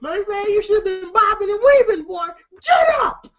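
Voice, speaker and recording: A man imitating a frantic man who shouts shrilly at a knocked-out friend. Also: extremely high pitch, lively intonation, moderate pace, voice pushed up. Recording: lo-fi dull audio.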